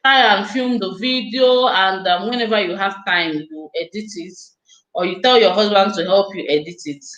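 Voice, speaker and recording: A woman's voice: medium pitch, moderate pace, fairly bright tone, roomy sound, lo-fi sound. A woman hosting a casual live stream, chatting effusively and speaking straight to her viewers.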